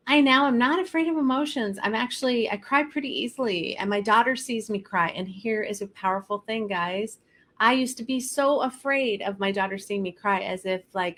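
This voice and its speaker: A woman's voice: medium pitch, fairly bright tone. A middle-aged woman coach talking candidly and heartfelt to her viewers, confessional and direct. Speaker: coach and host. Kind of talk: candid talk to camera.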